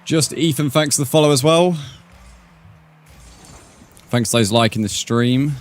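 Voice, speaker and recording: A man's voice: mid-range voice, measured pace, faint music behind. A man streaming a game, chatting casually with viewers and calling them "mate". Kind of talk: casual live-stream chat.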